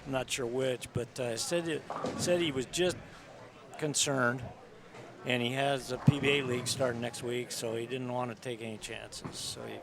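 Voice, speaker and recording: A man giving live bowling commentary, agreeable and quick to chime in. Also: medium pitch, fairly even intonation. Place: bowling center. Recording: noisy background.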